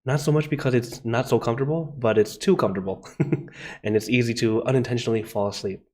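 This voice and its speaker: Meditation host, male, mid-pitched; easygoing welcome with light laughs, then slow, soft breathing guidance. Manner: friendly, laughs softly between greetings. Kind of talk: live-streamed guided meditation. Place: outdoor meditation garden. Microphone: video call.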